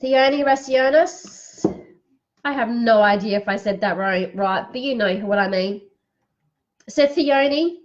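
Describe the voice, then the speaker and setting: A woman's voice: on the high side, slow, dull audio. A woman hosting a live-streamed card reading, calling out viewers by name and reading affirmations aloud, sniffling a little. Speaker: psychic card reader.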